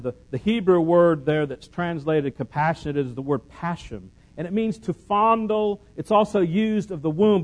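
Man preaching a sermon, high voice. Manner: shifts from loud scripture and sung lines to soft conversational teaching; lively, emphatic preaching with repetition and humor. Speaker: pastor.

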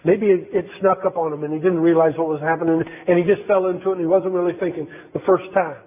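A man's voice: high voice, flat delivery, fast. A man preaching a sermon in a conversational, emphatic way, repeating phrases for effect. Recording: tinny phone-like sound.

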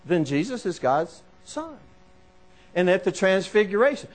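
A man preaching a sermon to a live congregation, animated and repetitive, calling out listeners by name. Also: sits high, unhurried.

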